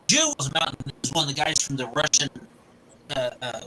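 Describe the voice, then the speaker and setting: A man's voice: mid-range voice, steady tone, a little fast, pushed and bright, slight background noise, rough recording. A man casually retelling the plot of a film, rambling and restarting as he goes.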